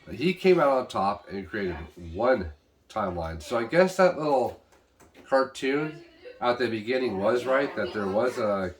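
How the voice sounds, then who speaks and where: A man casually recapping an episode, rambling with restarts and quickly paraphrasing what the characters say. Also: medium pitch, animated. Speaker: show reviewer.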